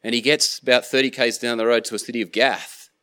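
A man's voice: mid-range voice, fairly even intonation, fast, sharp tone, clean tone. A man preaching a sermon, retelling a scripture story in casual everyday slang. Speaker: pastor.

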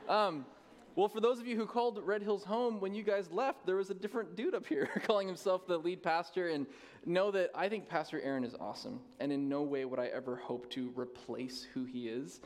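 A man in his thirties, a tired lead pastor giving casual, self-deprecating announcements to his church. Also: a little high. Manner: chatty, self-deprecating, laughs easily. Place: church sanctuary.

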